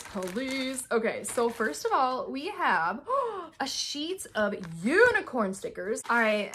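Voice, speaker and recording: A young woman vlogger excitedly opening fan mail, gushing and gasping as she reads notes aloud. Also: a little high, a little hiss or hum. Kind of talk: excited unboxing chat.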